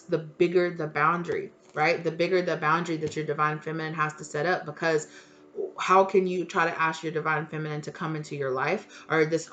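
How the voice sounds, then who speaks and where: A woman's voice: deep voice, fairly bright tone, highs cut off, a little hiss or hum. A woman giving a casual tarot reading, blunt and emphatic, swearing freely and repeating her points. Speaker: tarot reader.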